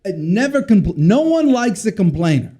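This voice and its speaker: A man voicing his blunt, teasing older father with a French accent, giving gruff advice. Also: sits high, big pitch swings, moderate pace, warm tone. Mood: teasing scold.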